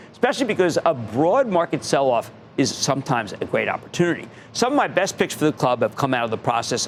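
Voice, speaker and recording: A man's voice: medium pitch, slight background noise. A middle-aged man hosting a television finance show, talking emphatically and repeating phrases for effect. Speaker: TV market show host. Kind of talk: energetic TV finance commentary.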